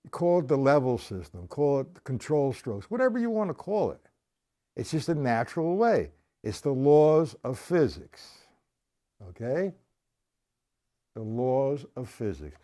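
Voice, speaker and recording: Speaking in a warm mid-range voice, this drum teacher runs a live-streamed lesson. His tone is casual; he goes over his points more than once and keeps asking how his viewers are doing, with sound coming through the live stream camera mic.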